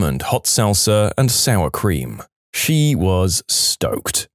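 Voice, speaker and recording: Male narrator, deeper voice, very animated intonation, dry close-mic sound, deadpan humor. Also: no room sound. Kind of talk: scripted narration of reader stories.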